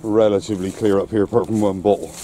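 A man's voice: lowish voice, flat delivery, fast, dark tone, a little hiss or hum. A man talking casually to camera while out walking his dog on the coast, with grumbling, irritated asides. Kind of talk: casual walk-and-talk commentary. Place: outdoors on the coast.

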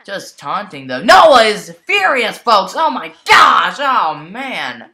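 Excitable woman calling a toy wrestling match. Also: mid-range voice, slow. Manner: excitable, keeps exclaiming and addressing the folks. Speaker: play-by-play commentator. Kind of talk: mock wrestling commentary over a toy match.

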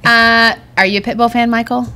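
A woman co-hosting a podcast in casual chat, chatty and excitable, often restarting her sentences. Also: a little high, a little fast. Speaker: podcast co-host.

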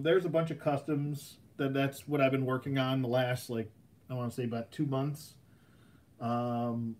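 A man casually chatting on a live stream about custom action figures, rambling with plenty of fillers. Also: mid-range voice. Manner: rambling, filler-heavy, easygoing.

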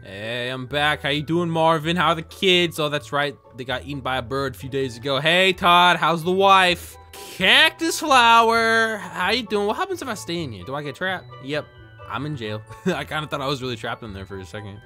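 A young gamer talks over his play at his desk at night with a goofy, deadpan humor. His pitch swings widely and he breaks into sudden loud outbursts. Faint game music sits underneath. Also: fairly quick. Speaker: gaming YouTuber. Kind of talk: joking gameplay commentary.

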